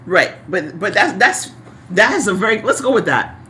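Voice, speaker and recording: A woman with a mid-range voice and a lively, swinging pitch. She drops in teasing remarks and quick reactions during a casual podcast chat. The tone is easygoing and conversational. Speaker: podcast co-host.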